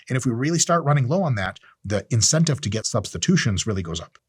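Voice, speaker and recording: A man's voice: mid-range voice, quick pace, hardly any pauses, husky, dry recording, studio quality. A man hosting a podcast, talking casually in a blunt, profane, opinionated way. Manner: animated, acts out quoted voices. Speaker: podcast host. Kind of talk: casual monologue.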